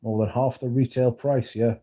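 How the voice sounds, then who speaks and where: Dark-voiced man chatting casually. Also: mid-range voice, little pitch movement, normal speed. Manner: swears often, reads viewer comments aloud. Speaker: livestream host reading chat. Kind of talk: casual livestream chat about perfume.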